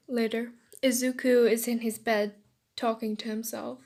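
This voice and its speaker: A woman's voice: on the high side, flat delivery, normal speed, a little mellow. A young woman reading a fanfiction story aloud in a casual, unpolished way with occasional stumbles. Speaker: fanfiction reader.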